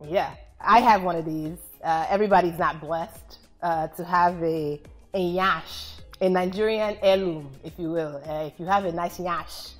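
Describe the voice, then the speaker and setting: A woman explaining slang terms in a playful, animated way. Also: fairly low pitch, normal speed, faint music behind.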